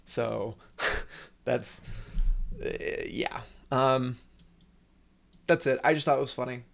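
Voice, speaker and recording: Profane gravelly man ranting on a livestream. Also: mid-range voice, slow pace. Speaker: livestream host. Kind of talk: casual livestream commentary.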